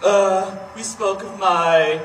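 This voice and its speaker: A man playing a deranged asylum inmate on stage who swings from sly musing to frantic, shouted begging. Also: high voice, steady tone, slow pace. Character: deranged male asylum inmate, manic and pleading. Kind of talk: stage play acting. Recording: echoey hall from far off, noisy.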